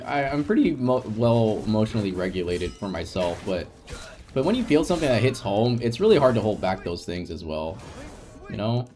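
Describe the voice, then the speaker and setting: A young man chatting casually on a live gaming stream, soft-spoken and rambling, with frequent restarts and light laughs. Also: fairly low pitch.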